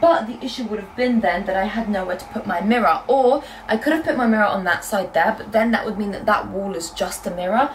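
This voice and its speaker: A young woman from Britain chatting casually in a book vlog from her bedroom, telling stories in a lively, animated way. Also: medium pitch, far from the mic, slight background noise, low-quality recording. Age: young adult. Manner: chatty, quick and animated storytelling. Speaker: book vlogger. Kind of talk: casual chat.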